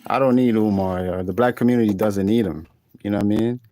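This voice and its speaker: A man's voice: fairly low pitch, fairly even intonation, quick pace, mellow, no echo. A man giving casual, blunt, profane commentary while reacting to clips, rambling and restarting his sentences.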